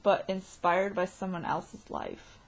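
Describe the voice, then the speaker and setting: Female vlogger, giggly and rambling, husky voice with gravelly fry. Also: fairly low pitch, huge pitch swings, slow pace. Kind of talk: casual video diary.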